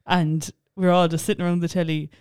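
A man's voice: on the high side, level tone, fast talker, a little mellow, smooth, no room sound, studio quality. A young Irish man co-hosting a podcast in casual chat, filling his talk with "yeah" and "like". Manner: chatty, lots of fillers and "yeah, yeah". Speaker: podcast co-host.

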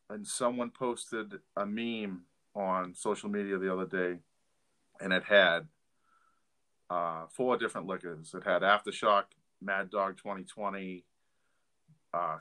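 A man's voice: low voice, fairly even intonation, unhurried, a bit bright. A middle-aged man and father co-hosting a recovery podcast, telling candid stories in a blunt, casual way. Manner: candid, blunt storytelling with fillers and restarts. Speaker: podcast co-host.

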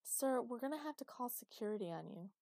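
A woman's voice: on the high side, animated, brisk, warm tone, no room sound, voice pushed up. Woman voicing a stiffly polite receptionist. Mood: formal, stiff. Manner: formal, scripted politeness. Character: polite but stonewalling female camp receptionist.

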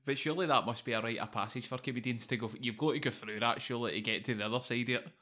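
A man hosting a casual interview, relaxed, with brief agreeing replies and short questions. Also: mid-range voice, rapid-fire. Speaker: podcast host.

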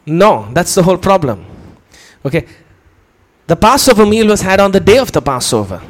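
A man with a high, light voice delivers a teaching sermon. He explains things patiently, point by point, and often turns to his listeners with a quick question. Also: big pitch swings. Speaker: preacher.

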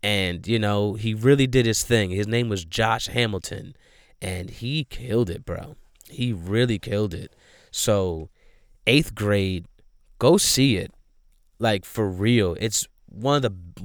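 Man, movie chat host, emphatic, swears a lot, smooth clear voice, dry close sound. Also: on the low side, no room sound. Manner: emphatic and profane, bursts into loud outrage. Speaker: podcast host reviewing movies. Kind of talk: casual movie review chat.

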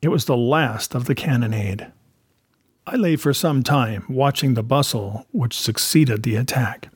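A man giving a measured, steady audiobook narration of a classic adventure novel. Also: medium pitch, husky, dry recording, studio quality.

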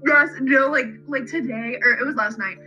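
A woman co-hosting a casual fan podcast, retelling scenes in a rambling, animated way. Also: high voice, normal speed, muffled recording, soft background music. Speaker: podcast co-host.

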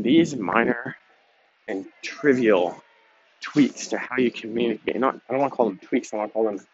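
A young man hosting a podcast, talking in a casual, emphatic, motivational way with some swearing. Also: lowish voice. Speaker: podcast host. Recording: dull lo-fi sound with faint noise.

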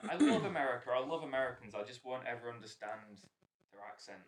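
A man's voice: medium pitch, animated, quick pace, a crowd in the background. Jokey hull man in an echoey room. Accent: Hull English. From England. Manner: jokey, bursts into laughter. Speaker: podcast co-host. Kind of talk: casual chat. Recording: echoey room with faint noise.

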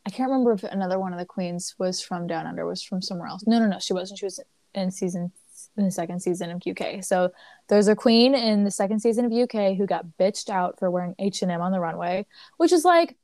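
A woman's voice: mid-range voice, fast talker, dry recording. Laughing young woman on a video call. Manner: animated, laughs often, swears. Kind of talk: casual chat, quiz game.

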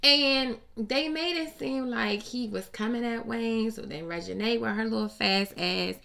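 A woman hosting casual celebrity gossip commentary, blunt and profane, with an animated, sassy delivery. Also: a little high, a little slow, creaky. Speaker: host.

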